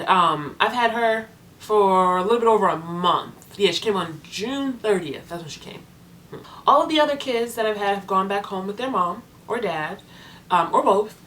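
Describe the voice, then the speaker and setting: A young woman talking casually to her viewers as a foster parent vlogger, chatty and animated, acting out the people in her stories. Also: mid-range voice, a little hiss or hum. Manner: chatty, animated storytelling with voiced quotes. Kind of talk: casual vlog chat to viewers.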